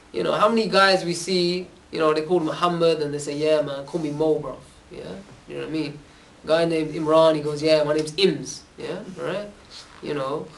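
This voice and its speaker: A man with a high voice gives an informal religious talk to youth, recorded from a distance. He tells the stories in a loose, conversational way and keeps checking in with "yeah?" after nearly every phrase. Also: a little hiss or hum. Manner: casual, conversational storytelling. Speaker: religious speaker. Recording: distant from the mic.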